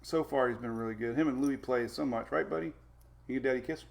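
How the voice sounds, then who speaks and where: Gravelly, chatty weather host. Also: male voice, mid-range voice, fast talker. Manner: rambling, reads out viewer names and talks to his puppies. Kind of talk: casual live-stream chat.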